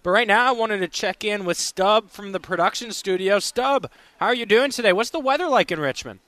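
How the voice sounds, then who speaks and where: A man's voice: sits high, lively intonation, brisk, fairly bright tone, no room sound. A man hosting a live sports radio show, upbeat and chatty, reading out phone numbers between talk. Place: radio row at a sports event.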